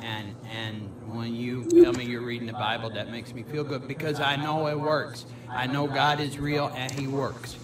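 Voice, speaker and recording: A man's voice: medium pitch, level tone, normal speed, few pauses. A man acting as a recovery mentor, talking emotionally, stammering, rambling and often laughing. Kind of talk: emotional personal conversation. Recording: distant mic with crowd noise.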